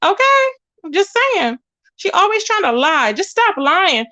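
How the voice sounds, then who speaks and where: Woman, young adult, livestream host, chatty gossip, calls viewers babe, high-pitched, dry phone audio. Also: big pitch swings, moderate pace, bright, forceful tone, no room sound. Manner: chatty, greets viewers with pet names.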